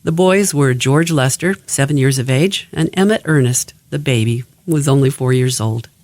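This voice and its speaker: A man reads aloud from an old family memoir at a steady, even, moderate pace. His voice sits at a middle pitch for a man, and the recording is dry and close with no room sound.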